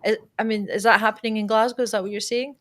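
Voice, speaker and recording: Woman co-host, mid pitch, easy questioning chat. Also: steady tone, fast talker. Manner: conversational, questioning. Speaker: talk show co-host. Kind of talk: casual political chat.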